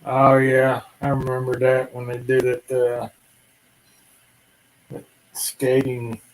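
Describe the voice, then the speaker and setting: Folksy male host, unhurried, chatty, light and joking. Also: mid-range voice, completely flat delivery, a little hiss or hum, rough recording. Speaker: livestream host. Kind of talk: casual chat.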